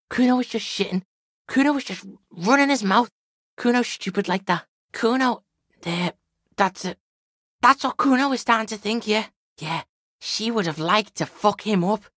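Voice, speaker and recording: A brash, swaggering street kid from a video game, played by a woman, who is foul-mouthed and always talks about himself in the third person. The voice is high and bright. It sounds dry and close. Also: no echo. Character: foul-mouthed cocky young street boy. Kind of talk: video game character acting.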